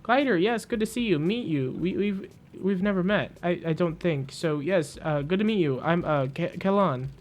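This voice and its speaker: A man's voice: high voice, lightly acted. Kellan, a man doing a jittery stammering mechanist. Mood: nervous, eager. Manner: stammering, rushed, over-eager. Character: jittery, nervous young mechanist, rambling.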